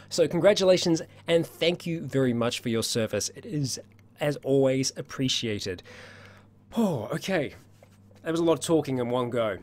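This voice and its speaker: A man of ordinary pitch hosts a relaxed livestream chat and answers viewers one after another. He sounds upbeat and talkative, laughs easily and trips over his words now and then. His voice sounds a little worn. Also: moderate pace. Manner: chatty and upbeat, laughs often, stumbles and restarts. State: voice getting worn. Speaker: livestream host.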